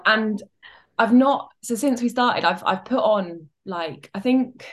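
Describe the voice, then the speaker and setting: A woman's voice: fairly high pitch, slow. A young woman in casual chat as a coaching client, talking with many fillers and restarts.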